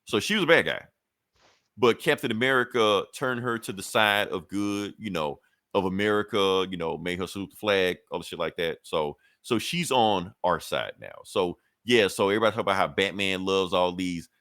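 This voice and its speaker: A man recaps a comic episode on a podcast, rambling and swearing freely as he goes. His voice sits low, and the sound is dry and close with no room echo. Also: moderate pace, fairly bright tone. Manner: loose, profane, rambling storytelling. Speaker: podcast co-host.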